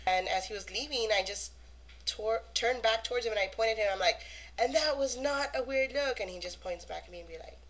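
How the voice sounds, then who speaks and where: A young woman vlogging as a fan, telling a story in a lively way and acting out quotes. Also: mid-range voice, fast talker. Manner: animated, acts out quotes. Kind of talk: excited casual storytelling.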